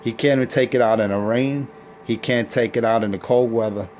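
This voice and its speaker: A man's voice: medium pitch, fairly even intonation, brisk, darkish tone, slight background noise. A man on a CB radio taunting rival operators in a boastful, repetitive way. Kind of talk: trash-talking radio banter.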